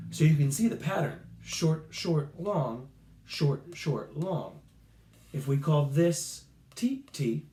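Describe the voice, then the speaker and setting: A man teaching a recorded music lesson to children, slow, patient and encouraging, sometimes making playful animal sounds. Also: medium pitch, dark tone, reverberant.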